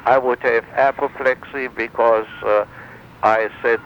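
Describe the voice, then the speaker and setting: An older man, a former wartime interrogator, recounting memories in an interview, halting with many fillers and restarts. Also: medium pitch, fairly even intonation. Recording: dull lo-fi sound with faint noise.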